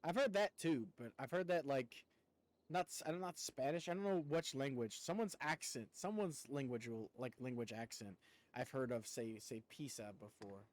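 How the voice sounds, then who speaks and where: A man's voice: medium pitch, normal speed, dry recording. A man streaming a game, chatting casually with viewers in a rambling way and laughing often. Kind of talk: casual chat while gaming.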